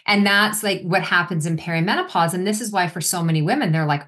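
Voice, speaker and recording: A woman in her forties with a somewhat low voice talks as a guest on a casual podcast. She explains with energy and often slips into quick acted quotes of her clients. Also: a bit bright. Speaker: nutritionist guest.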